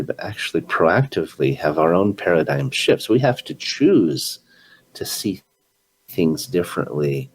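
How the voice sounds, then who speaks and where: A man's voice: deep voice, slightly rough, rough recording. A man hosting an interview, earnestly retelling a story and sharing his own experience, often restarting his words. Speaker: podcast host. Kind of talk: conversational storytelling.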